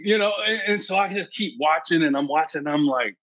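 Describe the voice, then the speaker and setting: A man, a birding educator and podcast guest, telling an excitable story and acting out his own past thoughts. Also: fairly high pitch, brisk, dry recording, dull audio. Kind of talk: animated storytelling.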